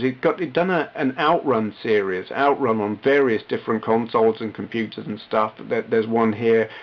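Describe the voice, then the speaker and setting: A man chats to camera in a loose, rambling way, poking fun at himself and often restarting his sentences. His voice sits at an ordinary middle pitch. The recording sounds a little muffled and lo-fi, like a home webcam. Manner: rambling, self-deprecating, frequent restarts. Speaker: retro gaming YouTuber. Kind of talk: casual vlog chat to camera.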